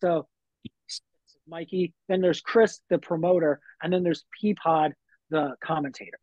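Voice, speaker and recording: A man's voice: on the high side, steady tone, unhurried, dry recording, lo-fi sound. A man, a wrestler guest on a podcast, telling stories in a laid-back way with lots of fillers. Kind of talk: casual podcast chat.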